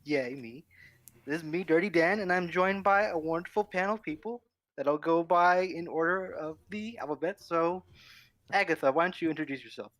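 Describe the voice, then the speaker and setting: A man's voice: fairly high pitch, brisk, no echo. Laid-back man hosting a podcast. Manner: relaxed, self-deprecating, laughs easily. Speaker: podcast host. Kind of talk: casual podcast chat.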